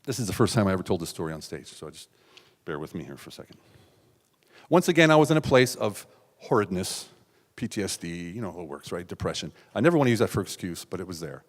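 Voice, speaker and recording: A middle-aged man from the United States telling a raw, confessional personal story on stage, with sudden loud outbursts and hushed asides. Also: deep voice, expressive, quick pace. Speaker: keynote speaker. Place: large hall on stage. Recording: stage talk with long hall reverb.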